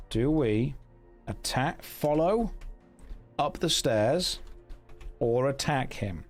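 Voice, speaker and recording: A man on a live stream plays through a gamebook, reading passages aloud and bantering with chat. His voice sits at a middling pitch but swings widely and animatedly. Faint music plays underneath. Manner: animated, chatty, reads story passages aloud to viewers.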